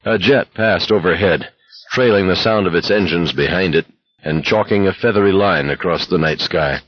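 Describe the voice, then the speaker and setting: A man narrates an audiobook in a steady, measured way. His voice sits low and husky. The sound is dry and slightly muffled. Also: dry recording. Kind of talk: scripted narration.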